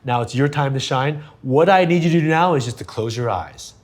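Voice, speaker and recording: A man's voice: mid-range voice, animated, fairly quick. Man, casual interview host, playful and easygoing, medium voice. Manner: easygoing, playful, with many fillers.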